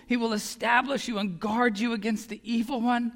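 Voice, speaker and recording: A man preaching a sermon as pastor, earnest and emphatic, sometimes dropping to a hush. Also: extremely high pitch, steady tone, normal speed, hardly any pauses. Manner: earnest, emphatic, drops to a hush on key lines. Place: church sanctuary. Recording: long hall reverb.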